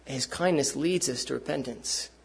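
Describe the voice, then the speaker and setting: Preacher, male, husky tone, conversational sermon delivery to a live congregation. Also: mid-range voice, normal speed.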